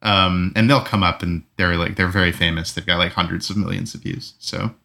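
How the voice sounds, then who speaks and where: A man with a low but bright, forceful voice, hosting a relaxed movie podcast. He talks with casual enthusiasm, laughs easily and drops the odd swear word. His tone stays conversational and loose. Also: a little fast, vocal fry. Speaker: podcast host. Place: room recorded together in person.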